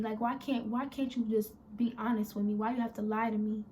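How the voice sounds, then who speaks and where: A woman's voice: on the high side, steady tone, brisk, hardly any pauses, mellow, slight background noise. A young woman speaking tells a rambling, candid story in a storytime vlog and acts out what others said. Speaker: vlogger.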